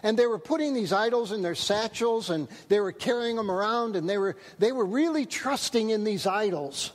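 A high-pitched male pastor delivers an earnest sermon. He stresses important phrases by slowing down. His voice rings with long reverb in a church hall. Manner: earnest, emphatic preaching with slowed key phrases.

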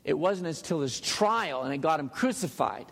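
A male pastor preaching a sermon in a church, emphatic and dropping to a hush on key words. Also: fairly high pitch, animated, moderate pace, vocal fry. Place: church sanctuary. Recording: long hall reverb.

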